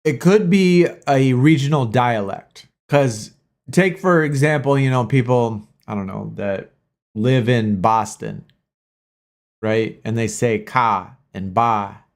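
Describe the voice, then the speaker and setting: A man's voice: medium pitch, slow. A man hosting a mobile-game livestream, chatting in a rambling way and arguing back at his chat, with some casual swearing. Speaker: livestream gaming host.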